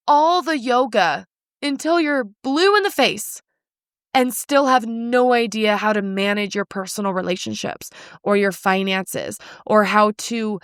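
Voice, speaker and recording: A woman's voice: a little high, no room sound, clean studio sound. A young woman hosting a solo coaching podcast, talking bluntly and with energy. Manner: blunt, animated, casual swearing. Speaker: podcast host, nutrition coach.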